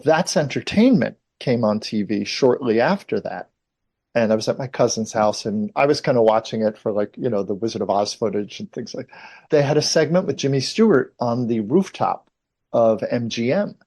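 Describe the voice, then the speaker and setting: A man's voice: medium pitch, mellow. A man in his fifties, an actor being interviewed, telling long anecdotes in a casual, chatty way full of asides. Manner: rambling anecdotal storyteller, many asides.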